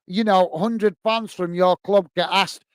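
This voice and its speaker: A man's voice: high-pitched, steady tone, measured pace, smooth, no echo. A man hosting a live football watch-along stream. He rants passionately and chats with viewers, calling them mate, between bits of match commentary. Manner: passionate, ranting, chatty, addresses viewers as mate.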